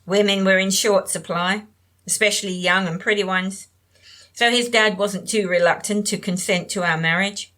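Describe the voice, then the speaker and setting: A woman puts on a frail older woman for this audiobook, nasal and evasive. Her tone is bright and keen, and she speaks in halting bits, trailing off as if talking to herself. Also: mid-range voice, steady tone, close to an everyday voice. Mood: defensive. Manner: halting, drifting, talks to herself. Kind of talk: audiobook character reading.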